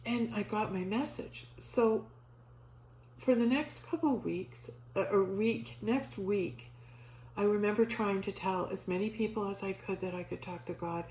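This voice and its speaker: A middle-aged woman telling a personal spiritual story in a casual, animated way, acting out the voices she quotes, with many restarts and fillers. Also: mid-range voice, a little slow, echoey room, slight background noise, rough recording. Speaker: storyteller sharing a spiritual experience.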